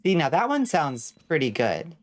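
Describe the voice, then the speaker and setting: A young adult woman plays a game on stream, speaking at a moderate pace in a low, very animated voice. Casual and wry, she reads chat aloud and reacts bluntly, swearing frequently as she riffs.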